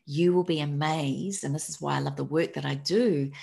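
A woman's voice: low-pitched, fairly even intonation, normal speed, vocal fry, mellow. A woman, a podcast guest and self-care mentor, telling stories energetically and laughing as she talks. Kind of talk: animated storytelling in conversation.

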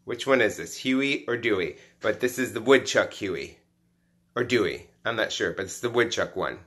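Excitable bright-voiced man unboxing toys. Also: lowish voice, normal speed. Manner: excitable, chatty, greets viewers by name, frequent gasps and laughs. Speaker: toy collector hosting a live stream. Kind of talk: casual live-stream unboxing chat.

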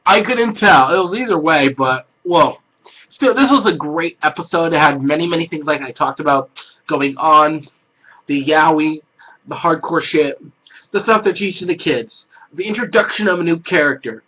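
A man giving an excitable, casual anime review, swearing a lot and breaking into loud exclamations. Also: a little high, moderate pace, slightly rough, muffled recording.

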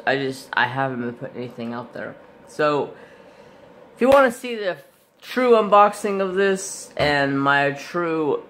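A man talks through an unboxing in a loose, chatty way, circling back to correct himself and leaning on fillers. His delivery is slow and drawn out, and his voice still sounds a little stuffy from being ill. His pitch sits in a middle range. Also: a bit bright, slight background noise. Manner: rambling, chatty, lots of fillers and self-corrections. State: slightly stuffy, recovering from illness. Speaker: craft channel host. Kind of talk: casual unboxing vlog.

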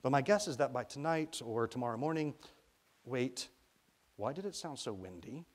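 A man voicing a gentle, patient grown man who reassures a small boy. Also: medium pitch, expressive, moderate pace, natural voice. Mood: reassuring. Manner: soft, reassuring, sometimes whispering.

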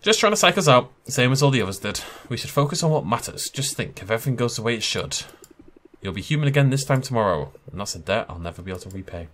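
A man's voice: medium pitch, very animated, fast, a bit bright, a little hiss or hum. A man voicing an anxious, earnest male mentor who has been cursed into a bird in a video game. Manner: fretful, earnest.

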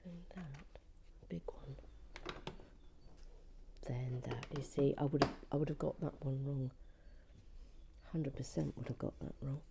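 A woman giving relaxed commentary while building a set, chatty and often slipping into a soft whisper. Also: rumbling low, measured pace, vocal fry, pauses often, very noisy.

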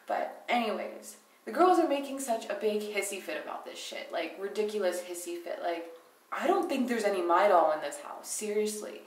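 A woman's voice: medium pitch, lively intonation, normal speed, distant mic. A young woman rattles through a reality TV recap in loose, casual talk, cursing constantly and giving blunt opinions. Her voice sits back from the mic and rings around a roomy, echoing space. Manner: profane, rambling, opinionated, laughs as she talks. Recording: roomy echo, speaking away from the mic.

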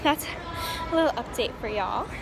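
A woman's voice: fairly high pitch, expressive, moderate pace, vocal fry, background noise. A woman vlogging casually from a dance competition venue, chatty and giggly as she talks into her phone. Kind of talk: casual vlog chat. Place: busy indoor competition venue. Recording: crowd and music in the background.

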